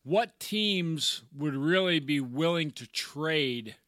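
Male podcast co-host, slightly high and bright, dry close sound, rambling delivery. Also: expressive, takes it slowly, no echo. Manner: rambling, restarts with repeated words. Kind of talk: casual sports chat.

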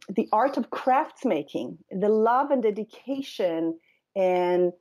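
A woman author being interviewed on the radio, talking in a thoughtful, measured way with pauses. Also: medium pitch, dark tone, lo-fi sound. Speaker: author and guest.

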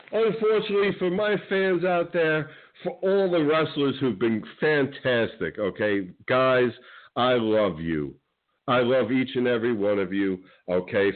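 A man calls into a sports talk show, his voice tinny and phone-thin. He rants in a heated, emphatic way, his pitch swinging widely, and he keeps checking in with "okay?" between points. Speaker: wrestling promoter and show guest. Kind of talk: animated radio show rant.

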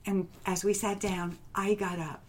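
Soft-spoken woman sharing personal stories. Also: medium pitch, level tone, measured pace. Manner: soft-spoken, often drops into a hushed whisper; gentle, reflective, with light laughter. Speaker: guest, transformational coach. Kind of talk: heartfelt personal storytelling interview.

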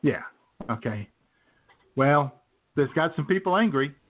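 A man's voice: fairly high pitch, expressive, a little slow. A man co-hosting a comedy show in easygoing, chuckling banter, on a tinny phone-like recording with faint noise. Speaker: radio comedy co-host.

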